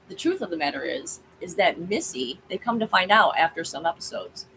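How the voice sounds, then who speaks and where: A woman's voice: deep voice, pushed and bright, a little hiss or hum, poor audio. Woman vlogger, casual, rambling, chatty asides, storytelling. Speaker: channel host.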